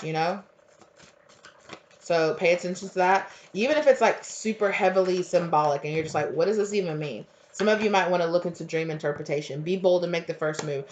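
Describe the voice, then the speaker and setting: With a voice on the low side, this woman rambles through a relaxed spiritual tarot reading, piling on fillers and starting sentences over as she talks conversationally. The lo-fi recording sounds dull and carries slight background noise.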